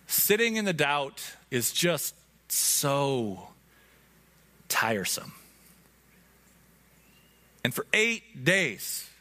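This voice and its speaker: A man's voice: fairly high pitch, sharp tone. A man preaching an Easter sermon as pastor, in an earnest, conversational way, speaking directly to his congregation. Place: church hall before a congregation.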